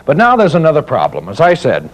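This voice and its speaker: On a 1990 VHS tape with faint hiss, a middle-aged man hosts a home improvement show, walking through a woodworking project in a chatty, teasing, homespun way. His voice sits on the high side and swoops wildly in pitch, and he talks fast over poor audio.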